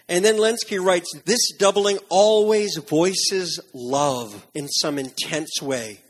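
Male pastor, fairly high husky voice, earnest emphatic sermon delivery with quieter reflective moments. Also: takes it slowly, hardly any pauses. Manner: earnest, emphatic preaching with softer reflective passages.

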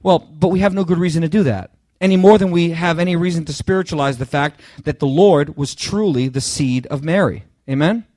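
A man preaching a sermon, emphatic and halting, who restarts phrases and addresses his listeners directly, rising to loud bursts on key words. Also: a little high, no echo.

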